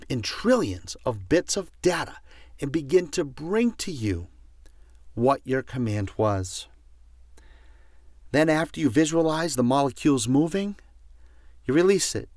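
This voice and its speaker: This man's voice sits a little high, captured in a dry, clean studio recording. As a self-help speaker leading a motivational audio course, he grows loud and passionate, hammering home key words through emphatic repetition.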